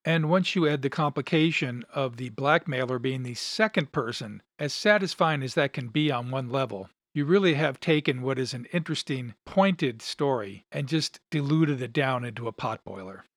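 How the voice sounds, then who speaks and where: A man hosting a podcast, giving measured, thoughtful commentary on film history and reading passages aloud. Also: medium pitch, lively intonation, dry recording, clean studio sound. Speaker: podcast host.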